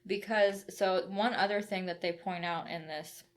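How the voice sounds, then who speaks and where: Co-hosting a podcast, a woman walks through a book's ideas step by step in conversational discussion, checking in with "right?" along the way. She speaks at normal speed with a fairly low pitch and fairly even intonation.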